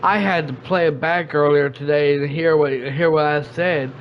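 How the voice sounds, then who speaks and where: A man hosting a casual podcast, rambling and halting with many restarts. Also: a little high, fairly even intonation, slight background noise. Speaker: podcast host and streamer. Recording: muffled lo-fi stream audio.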